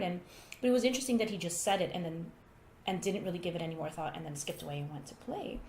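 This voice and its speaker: A woman guest in an interview, telling a personal parenting story in a lively conversational way. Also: on the low side, fast. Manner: animated storytelling, acts out quoted voices. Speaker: guest author. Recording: echoey room with faint noise.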